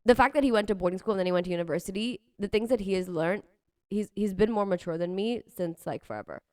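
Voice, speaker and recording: A woman, co-hosting a casual podcast chat, animated and quick to laugh. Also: medium pitch, no echo, studio quality. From India. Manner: animated, laughing, says "dude" a lot. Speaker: podcast co-host.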